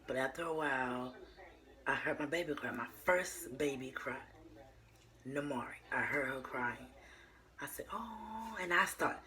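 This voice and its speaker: A woman's voice: extremely low pitch, bright, forceful tone, poor audio. Chatty young woman vlogger telling a story. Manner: chatty and meandering, with many fillers and restarts; addresses viewers as y'all. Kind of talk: casual storytime.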